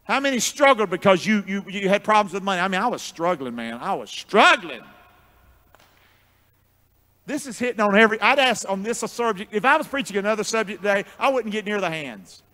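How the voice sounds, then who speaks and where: A man preaching a sermon as pastor, with call-and-response, booming shouts and hushed asides. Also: very animated, fairly quick. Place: church sanctuary.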